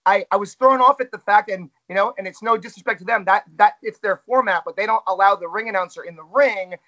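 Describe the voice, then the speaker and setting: A man's voice: sits high, fast talker, bright, forceful tone, lo-fi sound. A man who works as a wrestling ring announcer, talking candidly and self-critically in a casual interview.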